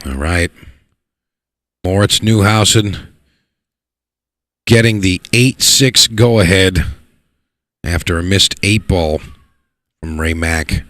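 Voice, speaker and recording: A man giving live play-by-play commentary on a pool match, excitable and repeating words for emphasis. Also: sits low, slow pace, pauses often, no echo. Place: pool hall.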